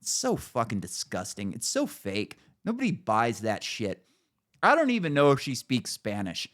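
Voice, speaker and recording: Middle-aged male podcast host, crude mocking banter, lively pitch. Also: moderate pace. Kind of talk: casual chat.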